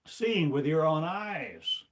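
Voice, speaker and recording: A man preaching a sermon as a spiritual teacher, slow and declamatory, firing off one rhetorical question after another. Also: fairly high pitch, lively intonation. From United States.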